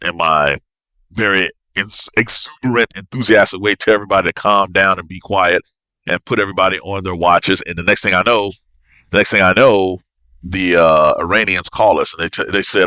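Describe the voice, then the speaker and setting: A man, a navy officer, telling a story as a podcast guest in an animated, excitable way with bursts of laughter. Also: deep voice, normal speed, clean tone, dry recording. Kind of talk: casual storytelling.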